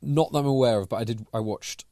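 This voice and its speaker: A man, a podcast co-host talking casually in a measured, understated way. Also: mid-range voice, warm tone, no room sound. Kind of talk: casual chat.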